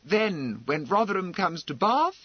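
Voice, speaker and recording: A man voicing a proud, composed noblewoman who speaks in a brisk, wry, commanding way, in an audiobook. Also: high voice, big pitch swings, husky, no room sound, lo-fi sound, voice pushed up, full character voice.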